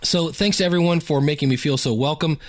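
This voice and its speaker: A man's voice: a little high, fast. A man hosting his podcast, talking in an upbeat, chatty and enthusiastic way. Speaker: podcast host. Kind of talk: casual podcast monologue.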